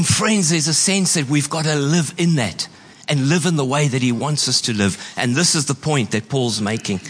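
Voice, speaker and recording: A man preaches a sermon in a church hall, his voice high and bright. He stretches key words slowly for weight. The room carries a long reverb. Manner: preaching with emphatic slow stresses and quoted voices. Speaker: pastor.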